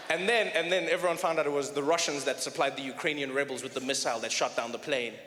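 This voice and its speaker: A man performing a stand-up comedy routine, animated and conversational with lots of "you know". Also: fairly high pitch, racing, hardly any pauses, slight background noise. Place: comedy stage in a hall. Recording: hall reverb, faint room ambience.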